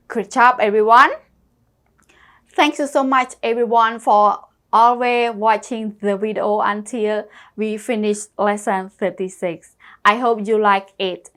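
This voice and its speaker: A woman's voice: medium pitch, fairly even intonation, measured pace, fairly bright tone. A woman teaching English vocabulary, repeating each word and spelling it out letter by letter. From Cambodia. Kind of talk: slow classroom lesson.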